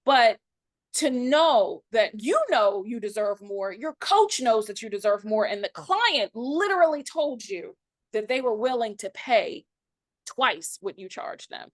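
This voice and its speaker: A woman's voice: a little high, animated, measured pace, dry recording. A woman coaching on pricing, telling stories in an emphatic, sassy way in casual podcast chat. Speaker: pricing coach for wedding professionals.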